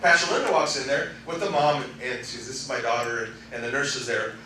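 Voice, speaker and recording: A man preaching a sermon as pastor, animated and laughing often, swinging between loud exclamations and quiet storytelling. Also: mid-range voice, quick pace, slight background noise. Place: church sanctuary. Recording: echoey church hall, mic from far off, congregation responding. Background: congregation calling out responses.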